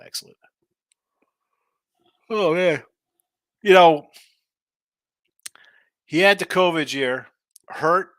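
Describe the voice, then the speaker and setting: A man's voice: mid-range voice, a bit bright, no room sound. A man hosting a sports betting live stream, rambling and thinking aloud in casual chat. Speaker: sports betting show host.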